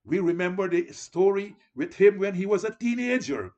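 A man's voice: high voice, lively intonation, moderate pace, darkish tone, muffled recording. A man preaching a sermon in an earnest, exhorting manner, often calling his listeners "beloved" and rising into emphatic declarations.

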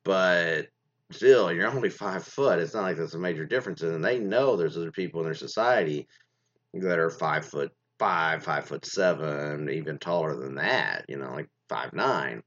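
A man's voice: sits low, moderate pace, a bit bright. A man chatting casually as host, rambling with many fillers and restarts while he reacts to stories. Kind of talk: casual commentary on reader stories. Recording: dull lo-fi sound.

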